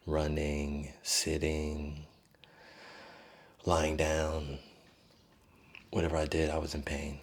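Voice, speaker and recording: A man with an extremely deep, husky voice tells his story in an interview, candid and reflective. He pauses often between thoughts and uses fillers, his low, rough tone staying calm and unhurried.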